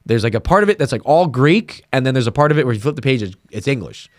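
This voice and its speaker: A young man hosts a casual podcast, spinning a story with animated energy and playing the voices of the people in it. He sits close to a mic in a dead, dry room, and his pitch sits in the middle of the male range. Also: fast, no echo. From United States. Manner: animated, acts out quoted voices, laughing. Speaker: podcast host.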